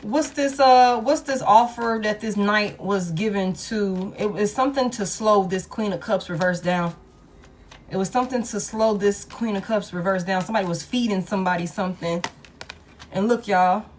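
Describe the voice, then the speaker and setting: A woman's voice: mid-range voice, normal speed, a little hiss or hum. A woman giving a casual collective tarot reading, blunt and profane, who repeats her points for emphasis. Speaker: tarot reader.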